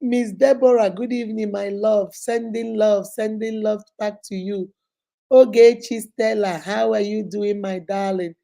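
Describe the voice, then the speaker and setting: Nigerian lady doing a casual livestream, mellow voice, gushing and repeating herself, shouting out viewers. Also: medium pitch, steady tone, measured pace, creaky, rough recording. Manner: effusive, repetitive, greets viewers by name. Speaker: livestream host.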